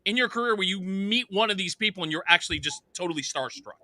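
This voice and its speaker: A man's voice: high voice, animated, bright, forceful tone. A man hosting a podcast, eagerly asking his guest questions in a casual, upbeat way. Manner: eager, quick, upbeat interviewer. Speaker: podcast host. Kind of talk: casual interview.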